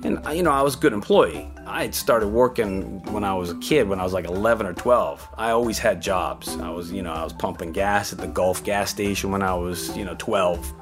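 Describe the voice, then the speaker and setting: A man's voice: low voice, brisk, few pauses, over music. An older man casually telling a story from his own past, rambling a little, with fillers and restarts. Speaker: interviewee recalling his music-business career.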